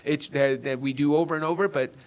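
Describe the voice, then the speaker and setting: Earnest male podcast host, slightly high. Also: fairly even intonation, fairly quick. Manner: earnest, restarts often with repeated words. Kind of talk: casual interview chat.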